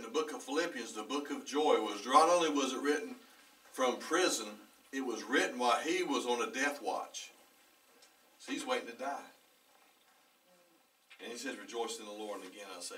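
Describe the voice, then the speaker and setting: Pastor, bright voice, distant mic. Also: male voice, medium pitch, moderate pace, long pauses. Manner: animated, laughing storyteller. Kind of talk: storytelling sermon with congregation. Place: church hall. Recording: distant church recording.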